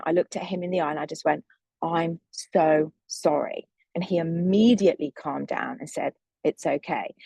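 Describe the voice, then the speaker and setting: A young woman speaking as a manifestation coach, teaching in a measured, earnest and gentle way. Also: on the low side, slightly rough, dry recording. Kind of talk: calm spiritual teaching monologue.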